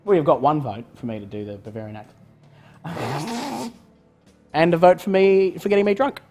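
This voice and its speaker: Aussie bloke hosting a pub quiz stream, laughs a lot, mid-high voice, music in the background. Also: male voice, moderate pace, mellow. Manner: jokey, reads questions aloud, laughs often. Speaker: quiz host. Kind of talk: live-streamed trivia quiz. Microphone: studio microphone.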